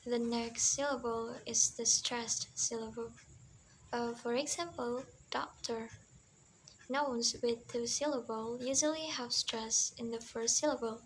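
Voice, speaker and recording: A woman's voice: on the high side, rough recording. Young woman giving a class presentation. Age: young adult. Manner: reads examples aloud one by one. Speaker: student presenter. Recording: faint background noise.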